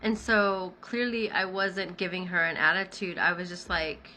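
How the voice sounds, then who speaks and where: A woman with a bright, clear voice tells a personal story straight to her audience in a casual vlog. She acts out the dialogue of the people she describes as she goes. A faint hum of room noise sits behind her. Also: lowish voice, normal speed, low-quality recording. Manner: animated retelling with acted-out dialogue. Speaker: storyteller recounting personal experience.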